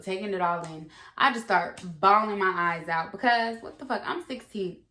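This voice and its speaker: A woman's voice: medium pitch, animated, moderate pace, pushed and bright. A young woman telling a story from her own life in a casual, candid way, swearing freely and rambling with fillers. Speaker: vlogger. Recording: echoey room.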